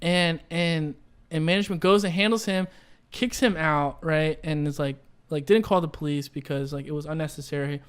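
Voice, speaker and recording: A man's voice: on the high side, steady tone, moderate pace, clear, resonant tone. A young man telling a story in a casual podcast chat, rambling with lots of fillers and asides. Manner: rambling, lots of "like" and "right?", laughs while telling. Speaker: podcast co-host.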